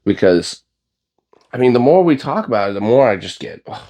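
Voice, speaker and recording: A man's voice: mid-range voice, sing-song, brisk, dark tone. A young man on a bodybuilding vlog talking casually, blunt and profane, rambling with lots of fillers. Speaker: bodybuilding vlogger. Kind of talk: casual gym vlog rant.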